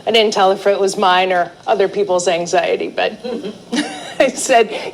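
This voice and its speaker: A middle-aged woman teaching a live art therapy class, telling a personal story in a chatty, animated way. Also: medium pitch, measured pace, vocal fry, a crowd in the background, rough recording. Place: indoor class or seminar room.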